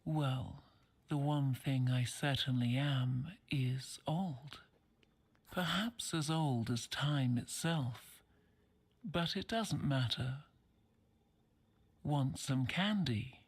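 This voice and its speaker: A woman voicing an ancient, tiny pale crone in a video game, speaking in a husky whisper, slow, cryptic and teasing. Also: very deep voice, a little mellow, full character voice. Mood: mysterious. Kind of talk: voiced game character.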